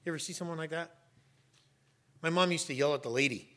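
A middle-aged man preaching a sermon as a pastor, emphatic and sometimes rising to sharp raised shouts. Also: a little high, fast.

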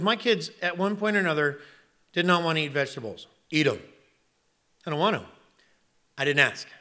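A male pastor delivering a sermon in a bright, forceful voice that sits a little high for a man. He preaches emphatically, swinging from loud exclamations down to quiet, earnest tones.

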